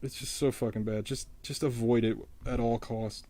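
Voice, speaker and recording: A man vlogging while he draws, ranting casually about a movie in a rambling, profane way, his voice jumping up in pitch when he gets exasperated. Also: level tone, moderate pace, hardly any pauses, mellow. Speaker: artist vlogger. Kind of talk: casual rant while drawing.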